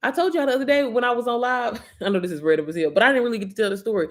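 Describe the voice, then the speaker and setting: A woman's voice: on the high side, lively intonation, rapid-fire, hardly any pauses. A woman chatting on a livestream from her phone, rambling, emotional and swearing freely. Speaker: live streamer. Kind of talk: casual livestream chat.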